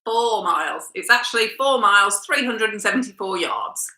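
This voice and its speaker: Bright-voiced woman hosting a quiz. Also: mid-range voice, expressive. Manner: reads questions and scores briskly. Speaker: quiz host. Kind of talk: family online quiz hosting. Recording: echoey room.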